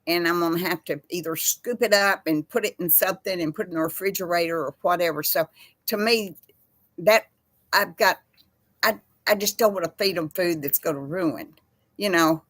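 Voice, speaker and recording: A woman's voice: fairly low pitch, normal speed, a bit bright, no echo. A middle-aged woman hosting a casual livestream chat, rambling from topic to topic and greeting viewers by name. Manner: rambling, chatty, laughs easily. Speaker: host.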